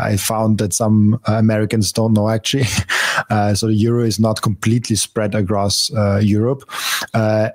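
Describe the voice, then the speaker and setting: A man's voice: on the low side, darkish tone. A man from Austria with an Austrian accent, a native German speaker talking in English as a podcast guest, hesitant with many fillers and restarts. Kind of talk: casual interview chat.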